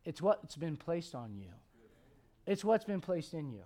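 A man preaching a sermon as pastor, conversational with jokes, swinging from loud emphatic peaks to hushed low passages. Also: very animated, a little slow.

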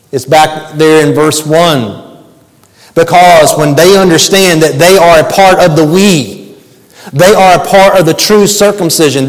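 A man preaches a sermon slowly, leaning on repeated phrases with emphatic weight. His voice sits high for a man. The sound carries a long reverb, as in a large hall. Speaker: pastor.

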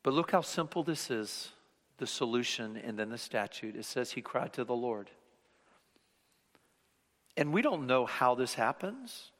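A man preaching a sermon as pastor, swinging between loud, emphatic passages and hushed whispers. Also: medium pitch, lively intonation, unhurried, pauses often. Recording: reverberant hall.

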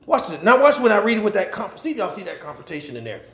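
A man's voice: sits high, sing-song, very fast, fairly bright tone. A man preaching a sermon, fervent and calling out to the congregation, stretching out scripture readings and breaking into chuckling asides.

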